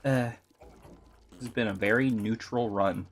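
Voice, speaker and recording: A woman's voice: very deep voice, unhurried. A woman streamer chatting casually while gaming, fumbling for words and giggling often.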